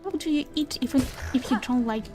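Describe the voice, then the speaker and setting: A woman's voice: high voice, fairly quick. A woman streaming a video game, chatting casually in English with a Ukrainian tinge, playful and self-mocking. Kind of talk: casual gameplay commentary. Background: game music.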